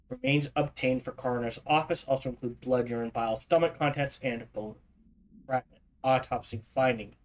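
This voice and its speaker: A man livestreaming a game, reading in-game documents aloud quickly, stumbling over words and restarting, with casual asides in between. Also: medium pitch, poor audio. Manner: reads fast, stumbles and restarts, adds asides. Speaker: streamer.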